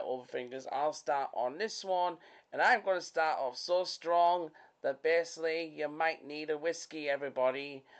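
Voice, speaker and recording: Male podcast host, rambling and excitable, loose jokey chat. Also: a little high. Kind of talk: casual chat.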